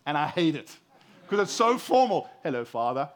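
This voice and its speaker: A man in his forties preaching a sermon as a pastor, impassioned, dropping from loud emphasis to hushed tenderness and repeating words as he builds a point. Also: sits high, animated, normal speed.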